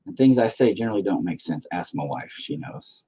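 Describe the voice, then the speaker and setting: A man's voice: low-pitched, expressive, brisk, dark tone, a little hiss or hum. A man rambling to himself while painting, profane and self-deprecating. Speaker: painter talking to camera. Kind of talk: rambling casual monologue.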